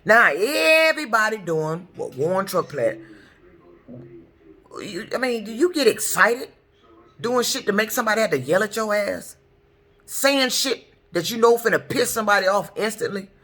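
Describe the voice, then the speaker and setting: A woman's voice: mid-range voice, lively intonation, normal speed, a bit bright. Heated ranting woman. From Detroit, US. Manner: heated, profane, repetitive ranting. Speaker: truck driver. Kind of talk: angry ranting vlog.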